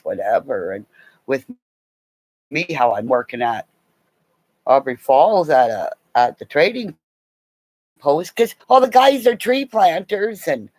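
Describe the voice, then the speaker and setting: A middle-aged woman rambling through a personal story, her pitch swinging up and down a lot. She talks slowly, laughs often and swears casually. The sound is dry and close, with no room echo. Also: darkish tone.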